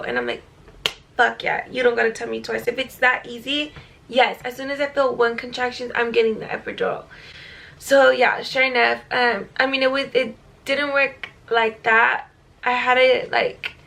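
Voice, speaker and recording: Young woman vlogger from California, casual storytime delivery, gravelly fry, slightly high voice, chatty with filler words. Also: a bit bright. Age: young adult. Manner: chatty, many likes and ums, swears casually. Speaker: vlogger telling her life story.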